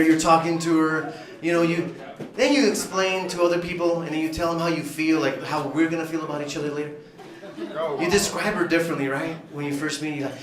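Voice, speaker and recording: A man doing brash, profane stand-up comedy, teasing the audience in a large comedy club. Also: a little high. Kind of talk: stand-up comedy with crowd work. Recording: echoey club with loud crowd laughter.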